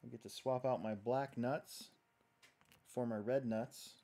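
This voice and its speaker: A man's voice: mid-range voice, fairly even intonation, a little slow, mellow, slight background noise. A man hosting a casual livestream, chatting loosely and reading viewer comments while he works on a build. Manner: rambling, chatty, reads viewer comments aloud. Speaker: host.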